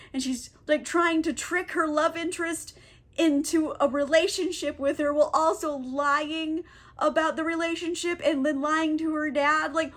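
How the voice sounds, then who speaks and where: A woman with a high, bright voice tells a story in a loose, chatty way. She rambles, sounds exasperated, and keeps breaking into laughter. She talks like someone who is high. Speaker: book reviewer. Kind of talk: casual comedic recap.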